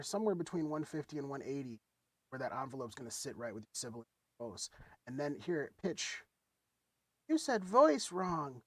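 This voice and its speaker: A man's voice: mid-range voice, husky, no echo. A man chatting loosely and profanely while producing music on a studio mic. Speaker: music producer streaming a session. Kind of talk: casual chat while producing. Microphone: dynamic studio mic.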